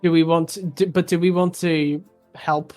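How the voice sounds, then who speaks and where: A man playing in a tabletop game, chatty and jokey and quick to back up the others' plans. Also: on the high side, flat delivery, a little mellow, faint music behind. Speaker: player. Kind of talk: casual tabletop game chat.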